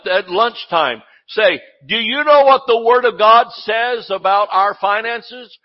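High-pitched guy preaching a sermon, lots of energy and laughs, dull lo-fi sound. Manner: animated preaching, exclamations and laughter. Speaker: pastor.

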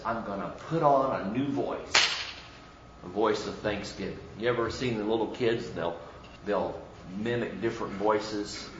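A man's voice: mid-range voice, fairly bright tone, a little hiss or hum. A man, a pastor, preaching a conversational sermon full of rhetorical questions and mock voices. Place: church. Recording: roomy, dull church recording.

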